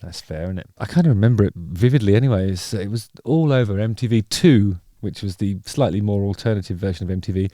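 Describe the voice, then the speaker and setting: Wry middle-aged guy reacting to a music video, kinda low voice, goes off on tangents. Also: quick pace, hardly any pauses, warm tone, no room sound, studio quality. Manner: rambling and wry, with playful digressions. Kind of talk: casual reaction commentary.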